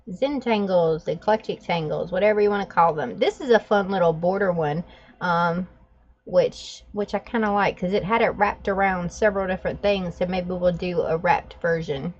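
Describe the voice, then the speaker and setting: A woman's voice: mid-range voice, unhurried, a little mellow. A woman vlogging, telling a story with laughs and then walking through a drawing tutorial in casual chat. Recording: dull lo-fi sound.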